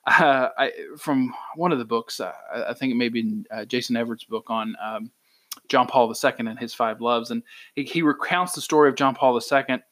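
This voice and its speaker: A man's voice: medium pitch, brisk, a bit bright. A man in his thirties, co-hosting a casual faith podcast, who tells stories and acts out the quotes. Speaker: podcast co-host.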